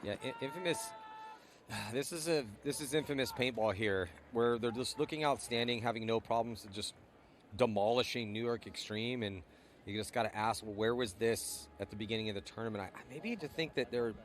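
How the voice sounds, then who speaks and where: A man's voice: medium pitch, fairly quick, slight background noise. A man giving casual, chatty color commentary on a live match.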